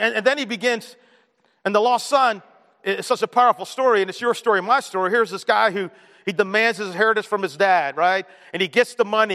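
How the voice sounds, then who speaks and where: Hoch sprechender Prediger in einer Halle. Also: male voice, sits high, long reverb tail. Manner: animated storytelling, drops to quiet emphasis. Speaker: pastor. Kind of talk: sermon.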